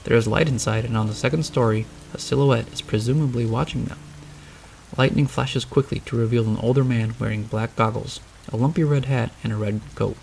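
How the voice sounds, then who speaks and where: A man narrating a novelized story in a steady, descriptive reading. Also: medium pitch, fairly quick, vocal fry, a little hiss or hum.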